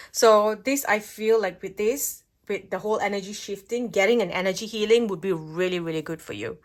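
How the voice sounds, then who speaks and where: A woman giving a pick-a-card tarot reading at home, chatty and reassuring, often checking in with "okay?". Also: mid-range voice. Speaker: tarot reader. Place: home, at a table with cards.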